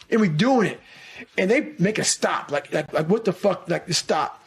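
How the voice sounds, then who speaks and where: A middle-aged man with a fairly high, gravelly, husky voice tells a story in an interview. He talks with blunt, profane intensity and a lot of drive. The delivery is a casual podcast conversation, not a speech. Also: animated, moderate pace. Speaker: podcast guest telling a story.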